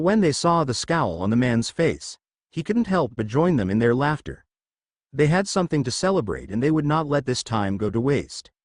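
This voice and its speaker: A man narrating a story aloud with an expressive storybook delivery. His pitch rises and falls a lot, at a medium pitch. The recording is dry and close. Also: no echo. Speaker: fan fiction narrator. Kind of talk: storybook reading.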